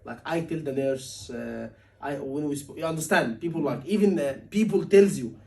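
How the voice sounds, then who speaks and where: Animated male tutor heard from afar. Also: fairly high pitch, moderate pace, gravelly, slight background noise. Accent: Liverpool. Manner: animated, asks the class questions often. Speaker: surgery exam tutor. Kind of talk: teaching a class, acting out patient lines. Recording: voice from a distance.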